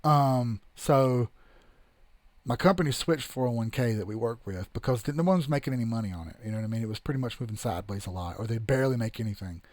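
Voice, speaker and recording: Blunt, animated man, dry sound. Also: medium pitch, quick pace, no echo. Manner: animated, blunt, swears freely. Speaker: host. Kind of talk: casual storytelling, reading chat.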